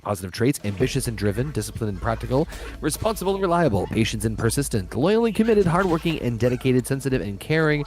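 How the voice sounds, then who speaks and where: A man's voice: medium pitch, big pitch swings, quick pace, a little mellow. A middle-aged man hosting a casual gaming chat, swearing and joking, reading lists aloud. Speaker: host.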